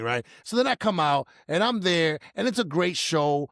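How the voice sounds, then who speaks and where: A middle-aged man telling a personal story in casual chat, animated and acting out his own nervous moments. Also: on the high side, brisk, hardly any pauses, dry recording, studio quality. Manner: animated, acts out his own past panic in quotes. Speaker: storyteller guest.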